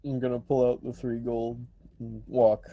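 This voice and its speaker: A man's voice: mid-range voice, little pitch movement, normal speed, narrow, tinny audio. Laid-back man playing a tabletop game. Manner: laid-back, terse replies. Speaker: player. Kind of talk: casual tabletop play.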